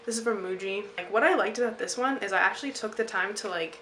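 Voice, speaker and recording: A woman's voice: medium pitch, fast, fairly bright tone, slight background noise, rough recording. A young woman, chatting casually to camera in a vlog and poking fun at herself. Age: young adult. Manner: chatty and self-mocking, laughing at herself. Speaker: vlogger.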